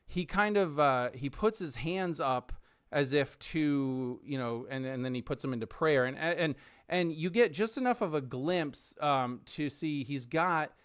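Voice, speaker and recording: A man's voice: on the high side, animated, unhurried, fairly bright tone, smooth. A man narrating as game master in a hesitant way, with frequent ums and restarts.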